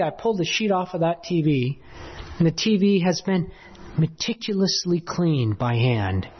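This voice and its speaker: A high-voiced male preacher in full storytelling flow, jumping between loud bursts and quiet asides as he talks to his congregation. The recording is dull and lo-fi. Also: moderate pace, slightly rough, long reverb tail. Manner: animated, swings between loud and hushed. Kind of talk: sermon storytelling. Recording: dull lo-fi sound.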